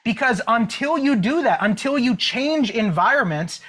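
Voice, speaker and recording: A man with a very high, expressive, fairly bright voice speaks at normal speed while coaching an online audience through a motivational story. He keeps checking in with "okay?" and "right?" and stretches out key words for emphasis.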